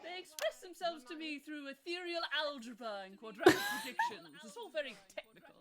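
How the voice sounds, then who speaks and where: Spooky fake psychic, high, swooping, doom-laden. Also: female voice, very animated, fairly quick, crowd noise. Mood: mystical. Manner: portentous, mystical prophesying. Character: eerie female fake psychic seeing futures. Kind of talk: comedy audio drama acting.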